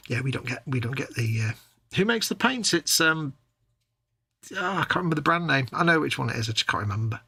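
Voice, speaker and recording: A man's voice: mid-range voice, sharp tone, husky, no room sound. A man co-hosting a live model-making stream, chatting in a rambling way and reading out viewers' comments. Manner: rambling, restarts a lot, reads out chat comments. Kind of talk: casual live-stream chat.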